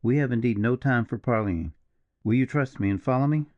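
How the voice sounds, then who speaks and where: A man voicing a grave, brooding partisan officer in an audiobook, speaking slowly and in a measured, mournful way. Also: medium pitch, no room sound, dull audio, close to an everyday voice. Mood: gentle. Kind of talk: audiobook character reading.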